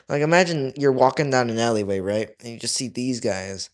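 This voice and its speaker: A man's voice: medium pitch, animated, a little fast. Jokey young man streaming while drawing. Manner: reads chat aloud, jokey, drifts loud to mumbling. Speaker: livestreaming artist. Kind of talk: casual livestream chat while drawing.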